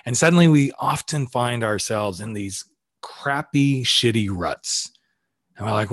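A man's voice: medium pitch, normal speed, no echo, studio quality. A middle-aged man hosting his own podcast, coaching listeners through numbered steps in a casual, plainspoken way with the odd swear word. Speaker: podcast host, life coach. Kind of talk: solo podcast talk.

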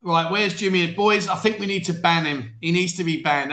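Reading viewer comments on his casual livestream chat show, an English man originally from London and now based in Thailand speaks in a high, pushed, bright voice at a moderate pace, and the audio is reverberant. His London accent is faded; he's chatty and self-deprecating, laughing a lot and erupting in mock outrage.

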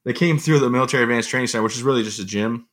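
A man telling stories as an interview guest, in an animated, rambling conversational way. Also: medium pitch. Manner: fast, animated storytelling with rambling asides. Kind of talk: conversational storytelling.

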